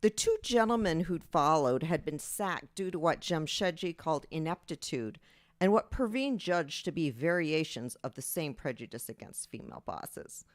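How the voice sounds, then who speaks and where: British-born female author reading her novel, lively intonation, lowish voice. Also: moderate pace. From Britain.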